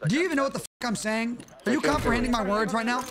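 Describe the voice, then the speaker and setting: High-voiced brash trash-talking streamer man. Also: racing. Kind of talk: casual live-stream commentary while gaming. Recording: game noise under voice.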